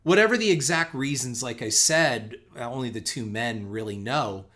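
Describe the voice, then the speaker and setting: A man's voice: mid-range voice, normal speed, fairly bright tone. A middle-aged man giving a reflective, conversational film commentary, earnest in tone, who often restarts on repeated words and swears casually.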